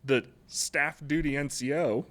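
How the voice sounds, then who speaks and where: A man's voice: fairly high pitch, steady tone, a little slow, fairly bright tone. A man, a former Marine, telling stories on a podcast in a casual, profane, blunt way and laughing along the way. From Alaska. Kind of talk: casual storytelling.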